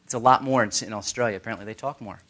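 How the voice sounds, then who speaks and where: A man's voice: lowish voice, rapid-fire, fairly bright tone. Guy teaching bible study, chatty sermon style, cracks little jokes, reads verses out. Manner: joking asides, conversational, quotes scripture.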